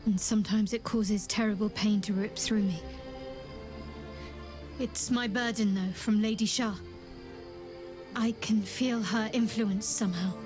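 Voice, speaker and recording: A woman's voice: mid-range voice, steady tone, music in the background, close to an everyday voice. A woman playing a guarded, secretive cleric. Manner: guarded, wry, measured. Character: secretive young female cleric, guarded and dutiful. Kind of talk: video game voice acting.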